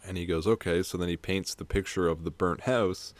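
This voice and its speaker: Low-voiced man rambling through a recap. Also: level tone, no echo. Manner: rambling, swears freely, acts out scenes in quick put-on voices. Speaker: podcast co-host. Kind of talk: casual film recap chat.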